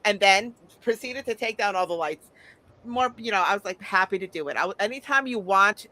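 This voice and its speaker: A woman's voice: medium pitch, animated, a little fast, sharp tone. A middle-aged woman chatting casually as a podcast host, blunt and prone to swearing, stammering over repeated words and laughing often. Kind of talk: casual chat.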